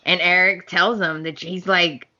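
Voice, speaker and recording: A woman's voice: fairly low pitch, unhurried, lo-fi sound. A woman co-hosting a podcast, chatting casually as she recaps soap opera episodes and acts out the characters' lines with laughs. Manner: animated storyteller, acts out scene quotes with laughs. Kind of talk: casual chat.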